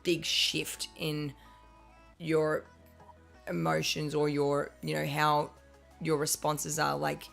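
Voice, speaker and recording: A woman's voice: deep voice, flat delivery, takes it slowly, creaky, pauses often, a bit bright, faint music behind. A woman co-hosting a live stream, talking casually and rambling through a point with restarts and swearing.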